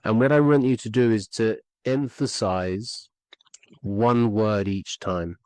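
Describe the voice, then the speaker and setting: Male speaking coach, earnest, repeats key points, lowish voice. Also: steady tone, slow pace, a little mellow, dry recording, low-quality recording. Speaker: communication skills coach. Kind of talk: instructional podcast talk.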